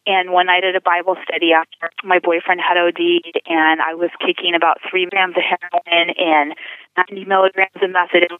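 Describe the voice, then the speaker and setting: A woman's voice: fairly low pitch, clear, resonant tone, no room sound. A woman earnestly telling her life story as a guest, calling in by telephone. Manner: earnest, vivid storytelling with acted quotes. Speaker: guest sharing a testimony. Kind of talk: personal testimony over the phone. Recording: tinny phone line, dry.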